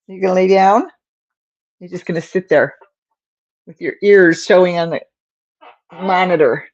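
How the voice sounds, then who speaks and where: A woman hosting a crochet livestream drifts between baby talk to her cat and rambling asides. Her voice sits low and moves at a very slow, easy pace. The sound is a little dull and lo-fi. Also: darkish tone. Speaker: crochet channel host. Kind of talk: casual livestream chat.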